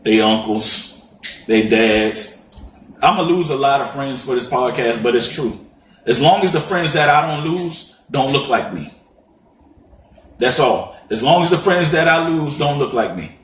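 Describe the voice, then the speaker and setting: A man's voice: medium pitch, expressive, measured pace, slight background noise. A man co-hosting a podcast, speaking with passion and hammering his points home in a preacher-like run of rhetorical questions. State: fighting back tears. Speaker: podcast co-host. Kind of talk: impassioned podcast monologue. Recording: roomy echo.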